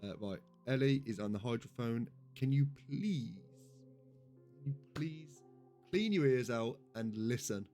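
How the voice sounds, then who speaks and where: A man's voice: mid-range voice, unhurried, warm tone, soft background music. A young British man giving casual live commentary on a game, chatty and giggly, swearing now and then. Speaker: streamer.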